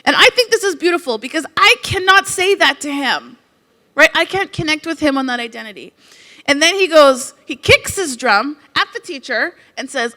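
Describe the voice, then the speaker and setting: A middle-aged woman from Canada giving a conference keynote, telling stories in a conversational, expressive way. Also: high voice, brisk. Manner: expressive storytelling, conversational with frequent "like". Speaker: keynote speaker.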